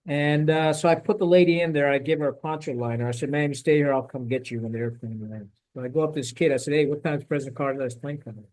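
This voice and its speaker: A middle-aged man in a relaxed podcast conversation, spinning a military yarn with lots of energy. His voice sits a bit high for a man, and he slips in quick impressions of the people in his story and swears casually as he goes. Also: rough recording. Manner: animated storyteller, acts out quotes, swears. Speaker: podcast host, former Marine officer.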